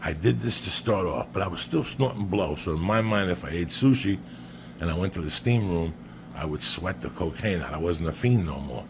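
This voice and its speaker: A man's voice: sits low, expressive, moderate pace, gravelly, noisy background. A man telling a crude, comic story on a podcast, swearing often and calling his listener by name. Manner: profane, emphatic, keeps addressing the listener by name.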